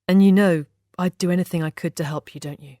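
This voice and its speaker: A woman voicing a caring young man who speaks softly and tenderly, in an audiobook reading. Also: fairly low pitch, fairly even intonation, quick pace, dry recording, clean studio sound, close to an everyday voice.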